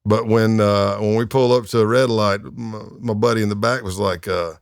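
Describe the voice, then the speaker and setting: Man in his 50s, gravelly and low, dry close sound; relaxed, wry podcast storyteller. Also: moderate pace, dry recording. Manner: laid-back, wry, laughs while telling stories. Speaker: guest, retired undercover agent. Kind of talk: anecdotal storytelling in a podcast interview.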